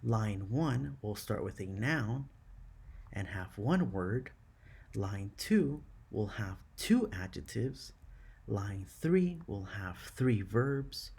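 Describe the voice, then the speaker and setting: A man narrates a classroom lesson at an unhurried pace, spelling each step out carefully for his students. His voice has a gravelly, husky edge to it. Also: on the low side, animated, a little mellow. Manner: slow, careful explaining to students. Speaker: teacher.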